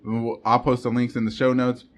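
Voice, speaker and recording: A man's voice: mid-range voice, little pitch movement, normal speed. A man hosting a casual podcast chat, joking loosely and laughing often. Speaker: podcast host.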